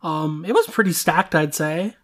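Casting: mid-pitched podcast host, chatty and speculative. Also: moderate pace, fairly bright tone. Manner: chatty, speculative, lots of fillers. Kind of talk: casual chat.

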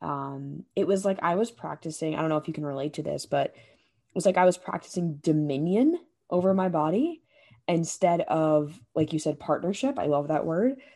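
A woman's voice: sits low, normal speed, gravelly, mellow. A woman hosting a podcast, effusive and emotional, talking in a loose, filler-heavy way. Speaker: podcast host. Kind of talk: casual interview chat.

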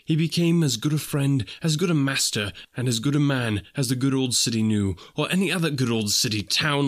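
A man narrates a classic tale with a lively, lilting delivery. His voice sits at an ordinary male pitch. He leans into the rhythm of the sentences. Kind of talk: storybook reading.

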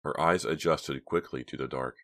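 A man reads a novel aloud in a measured, hushed storytelling manner. His voice is extremely low, a dark bass that carries the narration. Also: steady tone. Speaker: audiobook narrator. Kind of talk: scripted narration.

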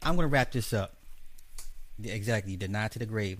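A man's voice: fairly low pitch, a little fast, long pauses, fairly bright tone. A man hosting a livestream, wrapping up a debate in a blunt, profane, rambling way. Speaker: host.

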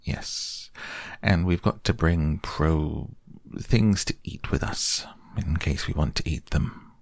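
A gentle, slow-witted storybook bear who talks softly and a little hesitantly, read by a man. The voice is deep and gravelly, with a close, dry sound. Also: no echo, full character voice. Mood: mild. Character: simple, cheerful little bear.

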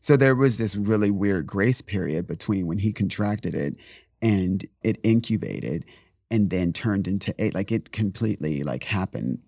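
A man's voice: low voice, animated, normal speed, vocal fry, a little mellow, dry recording, clean studio sound. A man as an interview guest, telling a personal story candidly and bluntly, with swearing and acted-out quotes. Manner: blunt, profane, rambling retelling with acted-out quotes.

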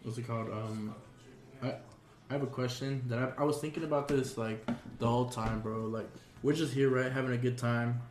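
A man's voice: medium pitch, fairly even intonation, moderate pace, noisy background. A man hosting a casual podcast chat, laid-back and peppering his talk with "bro". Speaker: podcast host. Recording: roomy echo.

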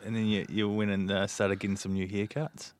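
Teasing low-voiced podcast host. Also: male voice, little pitch movement, brisk, smooth, no echo, studio quality. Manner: teasing, playful questions. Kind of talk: casual interview chat.

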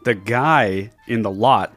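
A man co-hosting a podcast in casual chat, rambling and joking with quick asides. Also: fairly low pitch, fairly bright tone, soft background music. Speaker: podcast co-host.

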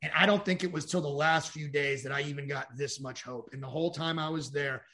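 Male guest, higher-than-average bright voice, candid storyteller who rambles and swears. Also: fairly even intonation, fairly quick. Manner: rambling, frank, swears, acts out quoted dialogue. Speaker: podcast guest.

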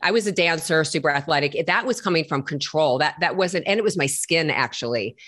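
A middle-aged woman with a low voice talks candidly as a guest. She is blunt and emphatic and swears in passing. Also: animated, fairly quick, a bit bright. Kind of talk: candid conversation.

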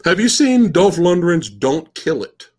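A man guesting on a casual movie podcast, excitable and swearing casually as he gushes about films. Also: unhurried, breathy edge. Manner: excitable, swings pitch wildly, swears casually.

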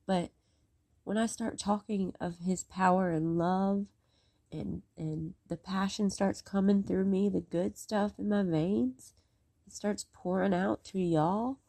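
A woman's voice: mid-range voice, takes it slowly, mellow, dry recording. A woman talking casually and emotionally about her faith, rambling and near tears, then reading scripture aloud. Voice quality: voice a bit rough today. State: close to tears. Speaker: faith vlogger.

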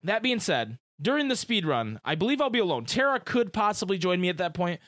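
Podcast co-host, male, high and animated, chatty, dry close sound. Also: fairly quick, no echo. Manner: chatty and excitable, uses gamer slang. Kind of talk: casual chat.

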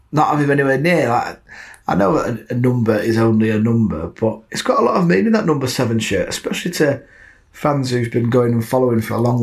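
A man co-hosting a casual football podcast, joking and rambling, with his voice jumping up and down in pitch. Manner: jokey and rambling, with big pitch swings. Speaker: podcast co-host.

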